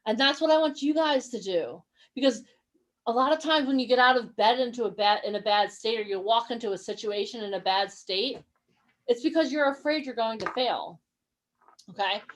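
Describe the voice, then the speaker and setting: A woman's voice: a little high, moderate pace, a bit bright. A woman coaching actors and models in a motivational online workshop. She talks energetically, encourages her listeners and keeps asking them questions.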